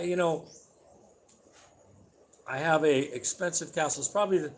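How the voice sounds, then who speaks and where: Man hosting a home livestream, a touch high-pitched, blunt and rambling, swears casually. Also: a little hiss or hum. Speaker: livestream host.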